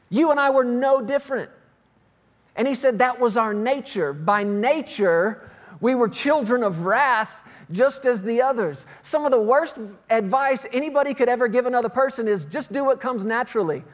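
A man with a very high voice preaches. He reads scripture slowly and deliberately, stretching key words, then slips back into relaxed storytelling. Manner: reads scripture slowly with emphasis, tells stories in between. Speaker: pastor. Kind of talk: sermon.

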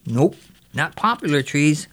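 A man voicing a mischievous boy who spins a lively tale in local dialect. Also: on the high side, measured pace. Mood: boastful. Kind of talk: character storytelling.

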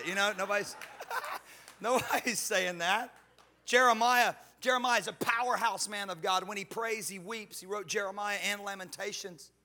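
A male guest pastor preaching a sermon in church, animated and joking, with casual slang. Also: high-pitched, moderate pace. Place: church sanctuary.

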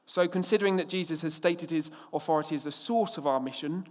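A man preaching a sermon from England, opening with a lively anecdote in which he acts out the characters before turning to scripture. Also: fairly high pitch, fast, long reverb tail.

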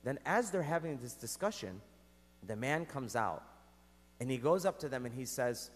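A male priest preaching a sermon, telling stories in an animated way with wide swings in loudness and pitch. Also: moderate pace. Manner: animated storytelling with big swings in pitch and volume. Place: church. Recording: echoey church hall.

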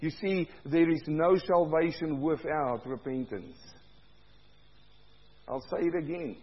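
A male pastor preaching a sermon, swinging between loud cries and low, quiet stretches, with a husky voice. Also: slow pace, long reverb tail, highs cut off.

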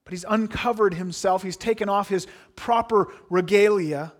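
A man preaching a sermon, reading scripture aloud and then explaining it earnestly, sometimes dropping to a hushed aside. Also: sits high, moderate pace.

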